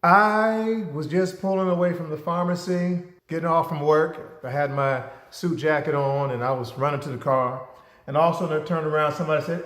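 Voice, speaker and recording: A man giving a storytelling lecture, animated and asking rhetorical questions. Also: on the high side, fairly quick. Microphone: camera. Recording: roomy echo.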